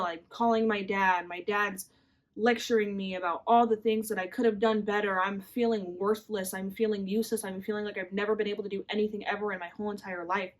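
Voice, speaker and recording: A woman's voice: mid-range voice, steady tone, brisk. A young adult woman hosting a podcast, talking candidly and a little rambly about her own life in a confessional monologue, often saying "like" and "literally.". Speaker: podcast host.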